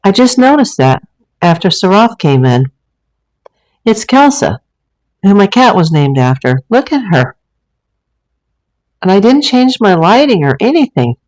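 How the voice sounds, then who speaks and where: A woman's voice: medium pitch, very animated, unhurried, pauses often, darkish tone, low-quality recording. A woman hosting a casual livestream from a room at home, talking in a rambling, chatty way with many fillers. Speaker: livestream host. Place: home room with a green screen and ring light.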